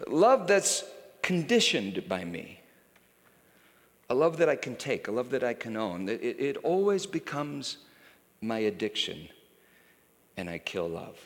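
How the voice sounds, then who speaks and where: A man preaching a sermon with passion, dropping to a hush and then rising to a shout. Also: mid-range voice. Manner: impassioned, swinging from hushed to shouting. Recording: reverberant hall.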